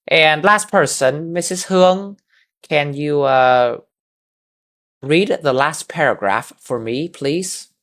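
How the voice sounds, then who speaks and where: A man's voice: fairly high pitch, takes it slowly, a bit bright. A man teaching an English class over a video call, patiently drilling words and having students repeat them. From Vietnam. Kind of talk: online class instruction.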